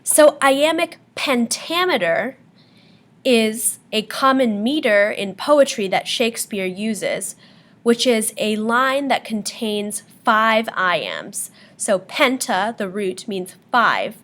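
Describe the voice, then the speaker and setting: A woman's voice: fairly high pitch, expressive, takes it slowly, fairly bright tone. A woman teacher giving a patient classroom lecture on poetry terms, explaining step by step with frequent ums.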